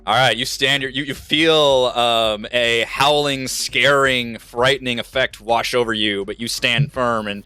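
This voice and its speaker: Male game master, bright, playful, self-correcting, dry recording. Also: medium pitch, fairly even intonation, unhurried, hardly any pauses, clean tone, no echo. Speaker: dungeon master. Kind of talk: narrating a tabletop game. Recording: dry mic with faint music.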